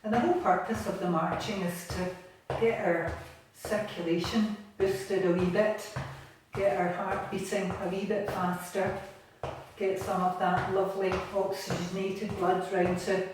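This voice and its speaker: A Scottish woman gently leading a home exercise class from her bathroom, encouraging and patient. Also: medium pitch, flat delivery, measured pace. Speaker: exercise instructor. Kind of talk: guided seated exercise class. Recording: echoey room, distant mic, faint noise.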